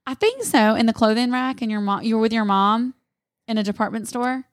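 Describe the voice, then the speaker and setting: A woman's voice: a little high, lively intonation, a little fast, dry recording. Woman co-host, storytelling, dry close sound. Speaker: podcast co-host. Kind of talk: casual chat.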